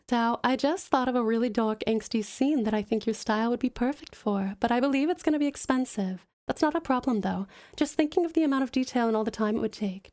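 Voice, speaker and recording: A woman streamer in a soft, soothing, smooth mum voice, doting on viewers as sweetheart and darling. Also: a little high. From Australia (Tasmania). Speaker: streamer and artist. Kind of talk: live-stream chat, thanking viewers.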